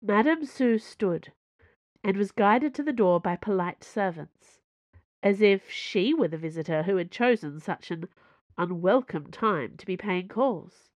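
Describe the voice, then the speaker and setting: A woman reading a science fiction story aloud in an even, measured audiobook style. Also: medium pitch, dry recording. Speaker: narrator. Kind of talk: audiobook narration.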